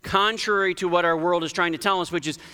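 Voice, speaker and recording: A man preaches with quick, steady delivery in a big-sounding church sanctuary, his tone sharp and clean. His sermon stays conversational but emphatic, with sudden rises in pitch whenever he drives home an important point.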